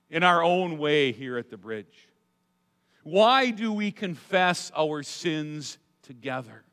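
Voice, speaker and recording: A male pastor preaching a sermon, dramatic, swinging between loud emphatic lines and hushed asides. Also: high voice. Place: church sanctuary. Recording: long hall reverb.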